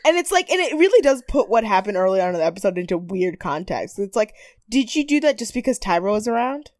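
A woman co-hosting a podcast in casual recap chat, animated and often laughing, with a mild stutter. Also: medium pitch, fast talker. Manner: animated, laughing, mimics people in quoted voices. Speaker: podcast co-host.

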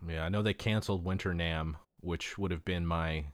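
A man with a very low voice tells travel stories in loose, profane casual chat. He rambles, laughs often, and sounds dry and close to the mic. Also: steady tone, normal speed, no room sound. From Los Angeles.

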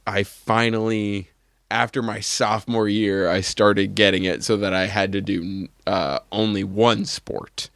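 A man's voice: on the low side, little pitch movement, measured pace, a bit bright, no echo. Laid-back male podcast host, dry sound. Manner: rambling, laughs often, tries voices. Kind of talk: casual chat.

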